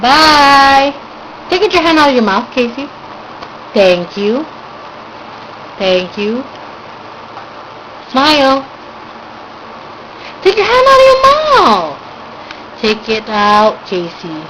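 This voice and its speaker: High, lively woman coaxing a toddler. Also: takes it slowly, long pauses. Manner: short repeated coaxing commands. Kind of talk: coaxing a small child at mealtime. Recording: noisy home video.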